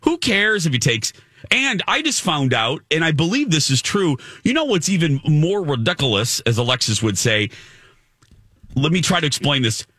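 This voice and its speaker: A man's voice: a little high, sing-song, moderate pace, bright, forceful tone, dry recording, studio quality. A man hosting a talk radio show, chatting casually and rambling with restarts, and reading ads. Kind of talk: casual chat and read ads.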